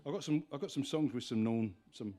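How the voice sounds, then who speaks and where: Between songs at a live gig, a folk singer-songwriter chats into a stage vocal mic with a monitor, music in the background. His medium-pitched voice moves fairly quickly as he wanders from point to point, breaking off and restarting his own sentences.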